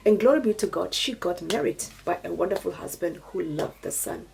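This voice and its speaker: With lively intonation at a moderate pace, a middle-aged Namibian YouTuber tells her testimony to camera, earnest, preachy and often thanking God, in a Namibian accent. Her medium-pitched voice shows vocal fry and is a little mellow, and the recording is rough.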